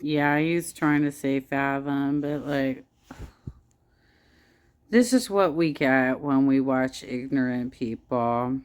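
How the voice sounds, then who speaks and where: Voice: mid-range voice, slow pace, smooth. A co-host reacting to a clip with sarcasm and exasperated disbelief. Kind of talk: reaction commentary.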